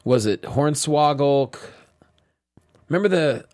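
A man co-hosting a wrestling after-show in casual chat, relaxed and chatty, often trailing off mid-sentence. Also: a little high, takes it slowly. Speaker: co-host.

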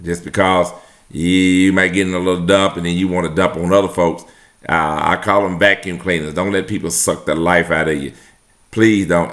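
A man's voice: low voice, a bit bright. A man giving a motivational talk about following your dream, earnest and direct, repeating key phrases for emphasis. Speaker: motivational speaker.

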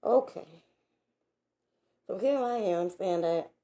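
Woman venting her story, lots of cussing, dark gravelly voice. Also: mid-range voice, slow. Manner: blunt, profane, animated retelling. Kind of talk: casual storytelling vlog.

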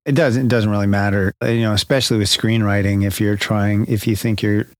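A man's voice: lowish voice, steady tone, fairly quick, dry recording. A man co-hosting a podcast, speaking thoughtfully and rambling, often correcting himself mid-sentence. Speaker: podcast co-host. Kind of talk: casual chat.

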